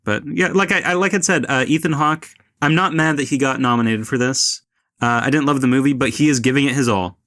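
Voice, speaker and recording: A man co-hosting a casual film podcast, sarcastic and quick to laugh, slipping into mocking impressions. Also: medium pitch, a bit bright. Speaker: podcast co-host. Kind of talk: casual film review chat.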